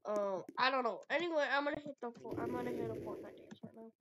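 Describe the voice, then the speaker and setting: A woman's voice: a little high, fast talker. Giggly woman trash-talking through a noisy game. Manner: giggly, excitable trash talk. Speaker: gaming video creator. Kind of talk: playful game commentary. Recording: noisy recording with clicks.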